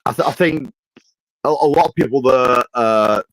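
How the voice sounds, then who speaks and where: A man's voice: medium pitch, moderate pace, fairly bright tone, no room sound, rough recording. A man, chatting casually on a podcast, with a mid-range voice. He stammers and restarts a lot and swears freely. The recording is dry and close. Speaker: podcast co-host. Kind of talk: casual chat.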